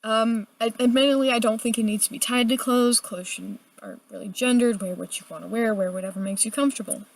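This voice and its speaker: A young adult woman giving a casual, chatty video review, animated and full of filler words. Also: a little high, quick pace, creaky, hardly any pauses. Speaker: book reviewer.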